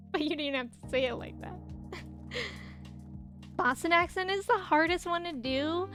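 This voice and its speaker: A woman with a high, slightly nasal voice chats breezily with her viewers while she plays a game. She is bubbly, talkative and quick to laugh. Faint game music plays softly behind her. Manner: bubbly, chatty, laughs often. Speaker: streamer. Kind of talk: casual chat while gaming and reading chat.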